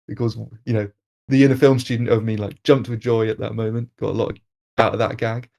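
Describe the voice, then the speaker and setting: A man hosting a film review podcast, reading an analytical critique in a measured way with occasional restarts. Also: fairly low pitch, little pitch movement, vocal fry, darkish tone.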